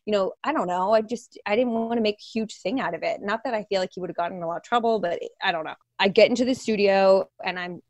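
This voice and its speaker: A young woman telling a personal story in a candid, animated way as an interview guest. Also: medium pitch, fast talker, hardly any pauses, no echo.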